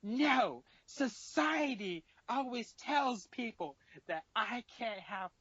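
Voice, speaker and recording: A man's voice: animated, fairly bright tone, husky, no room sound, lo-fi sound, full character voice. A man mimicking a whiny, drunk young woman. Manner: high whining protest, drawn out slowly.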